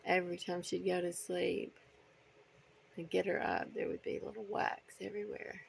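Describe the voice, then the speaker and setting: A middle-aged woman, a bird owner, chatting casually to her pet birds in cooing baby talk with soft whispered asides. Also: fairly low pitch, fairly even intonation, normal speed, gravelly, a little hiss or hum.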